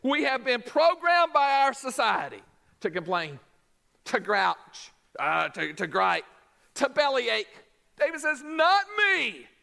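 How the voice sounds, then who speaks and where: A male pastor delivering a sermon in a strikingly high voice. His tone is bright and sharp. He preaches emphatically and climbs to shouts. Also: big pitch swings, takes it slowly, vocal fry.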